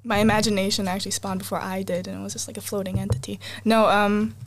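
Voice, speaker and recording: A young woman guest on a podcast, talking in a quick, chatty way and laughing often. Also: medium pitch, level tone. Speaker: guest musician. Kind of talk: casual podcast chat.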